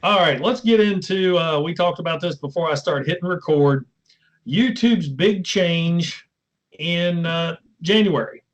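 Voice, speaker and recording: A man's voice: fairly high pitch, a little slow. A man from West Virginia with a West Virginian accent, hosting a casual podcast chat with easygoing banter. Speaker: podcast host.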